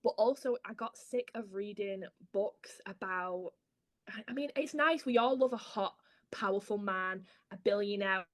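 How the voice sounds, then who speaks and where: A woman, an author being interviewed, who tells stories in a lively way, acts out her own dialogue and swears casually. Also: mid-range voice, measured pace, dry recording, studio quality. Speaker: author guest. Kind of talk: casual chat.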